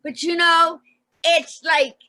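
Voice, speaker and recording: A woman's voice: extremely high pitch, fairly even intonation, slow, pushed and bright, no echo. A woman co-hosting a casual chat show, a long-winded, emphatic storyteller. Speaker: podcast co-host.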